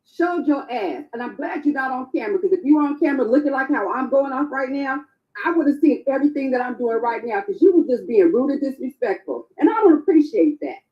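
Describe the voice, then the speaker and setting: A woman with a high voice lectures a fellow panelist in a heated online podcast argument, scolding and repeating her points for emphasis. The sound is dull and lo-fi, like call audio. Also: expressive, fairly quick.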